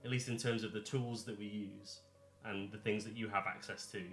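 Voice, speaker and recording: Man, dungeon master, low voice, rambling and self-correcting, echoey room. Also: flat delivery, a little fast, a bit bright, faint music behind. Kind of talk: casual tabletop game prep on stream. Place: home.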